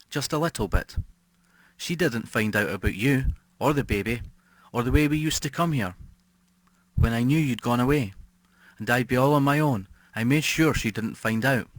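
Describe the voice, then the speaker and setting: A man narrating a horror story as an audiobook reader, slow and brooding, dropping to a hush on key words. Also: mid-range voice, no room sound.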